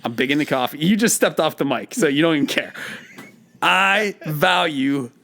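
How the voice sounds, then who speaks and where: A man co-hosting a podcast, talking in casual banter, emphatic and quick to laugh. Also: a little high, creaky. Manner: animated and emphatic, laughs often. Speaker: podcast co-host.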